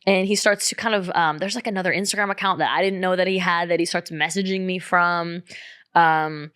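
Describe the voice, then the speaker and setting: A woman's voice: fairly low pitch, steady tone, fairly quick, fairly bright tone, clean tone, dry recording, clean studio sound. A young woman telling a personal story in casual, candid talk, swearing freely and acting out what others said. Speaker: vlogger.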